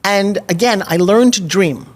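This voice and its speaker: A woman in her sixties with a New York accent tells her story in a podcast interview. She is expressive and lively, and her voice sits at an ordinary middle pitch. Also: measured pace. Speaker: guest.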